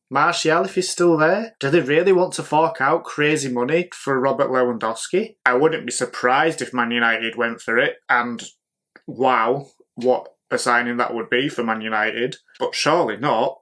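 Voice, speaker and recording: A man's voice: mid-range voice, a bit bright. Opinionated man talking football. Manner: opinionated, full of rhetorical questions. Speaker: football podcast host. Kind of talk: casual solo football talk.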